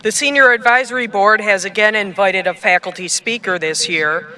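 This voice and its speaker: A man's voice: high-pitched, moderate pace. A man formally introducing the next speaker at a ceremony in an outdoor stadium. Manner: formal, even announcing. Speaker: ceremony announcer.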